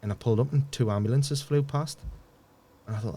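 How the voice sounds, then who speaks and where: A man, a podcast guest, telling a painful personal story in a halting way, often repeating words and dropping almost to a murmur. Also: medium pitch, mellow, slightly rough.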